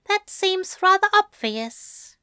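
A woman reading a story, voicing a gentle, affectionate male angel who coaxes softly. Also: very high voice, big pitch swings, slow pace, no echo, studio quality, pitched above the performer's own voice, full character voice. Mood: coaxing. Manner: soft, crooning, coaxing.

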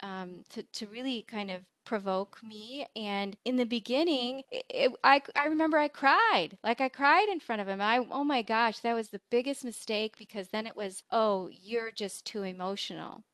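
A woman's voice: fairly high pitch, normal speed, hardly any pauses, fairly bright tone, dry recording. Candid, reflective woman nursing educator. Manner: candid, earnest, thoughtful with frequent restarts. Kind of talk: reflective conversational storytelling.

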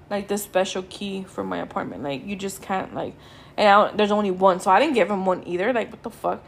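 A young woman tells a story on her podcast in a loose, casual way. Her talk is full of swearing and filler words, and she sounds worn out and unhurried. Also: mid-range voice, creaky, a little hiss or hum. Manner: sweary, laid-back, drawn-out and tired. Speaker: podcast host.

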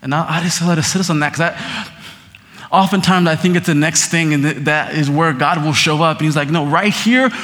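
A man preaching a sermon, moving between hushed scripture reading and excited, laughing storytelling. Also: a little high, a little fast, in a large hall. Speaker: pastor.

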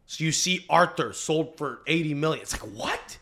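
A man's voice: a little high, animated, normal speed, bright, forceful tone. A man hosting a casual podcast, rambling and swearing freely, with frequent restarts. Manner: rambling, profane, restarts often. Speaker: podcast host.

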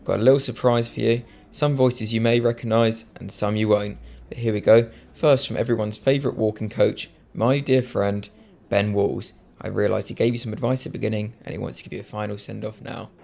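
Man, podcast host, mellow, dark tone, jokey casual chat. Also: on the low side, fairly even intonation, a little fast, gravelly. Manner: jokey, self-mocking, introduces clips.

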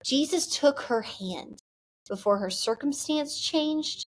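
A woman's voice: sits high, expressive, slow. Earnest young woman sharing her faith. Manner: earnest, candid, filler-heavy with frequent "like". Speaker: Christian vlogger. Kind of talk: heartfelt faith talk to camera.

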